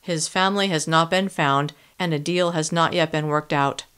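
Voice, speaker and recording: A woman voicing a male TV news reporter in an audiobook, giving the news in an even, formal way. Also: deep voice, moderate pace, clean tone.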